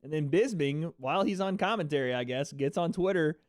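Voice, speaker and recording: A man chats through a livestream reaction in a loose, rambling way, laughing and swearing casually. His voice sits slightly high for a man. The sound is dry and close, with no room around it. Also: a little fast, no room sound.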